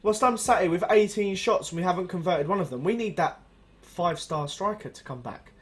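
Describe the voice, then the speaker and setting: A young man giving joking, exasperated let's play commentary on a football management game, with sudden excited jumps in his voice. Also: high voice, brisk. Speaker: gaming channel host.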